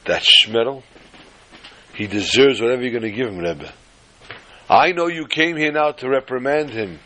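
A man voicing a shrill middle-aged wife who screams at her drunken husband. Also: moderate pace, bright, forceful tone, close to an everyday voice. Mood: scornful. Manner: screeching, accusing.

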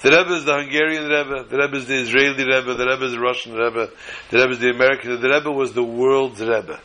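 A man's voice: medium pitch, steady tone, a little fast, pushed and bright, rough recording. A man giving an earnest Torah lecture, mixing in Hebrew and Yiddish terms and telling a story.

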